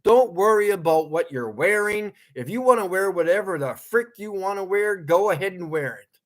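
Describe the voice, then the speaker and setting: This high-pitched male vlogger speaks at a moderate pace with lively intonation. His monologue is an angry, swear-filled lecture to viewers, full of repeated commands and punctuated by his own laughter.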